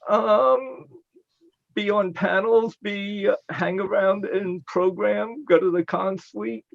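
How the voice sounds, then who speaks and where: A man with an upstate New York accent talks on an online panel in a measured, hesitant way, leaning on fillers. His voice is gravelly and sits a bit high, and he speaks slowly. The call audio comes through dull and lo-fi. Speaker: panelist and guest of honor. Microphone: video call.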